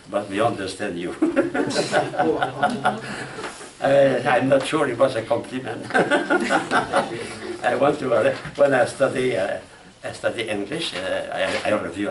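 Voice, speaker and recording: Man, French accent, classroom lecture, halting with restarts, echoey room, distant mic, faint hiss. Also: medium pitch. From France. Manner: halting, frequent fillers and restarts, asks "huh?" and "you know?". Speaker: logic instructor.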